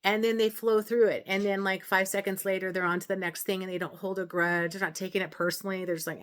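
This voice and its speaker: A woman's voice: medium pitch, little pitch movement, fast talker, few pauses. A woman hosting a self-help video, talking casually and earnestly to camera, explaining her points with frequent restarts and asides. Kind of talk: casual advice talk to camera.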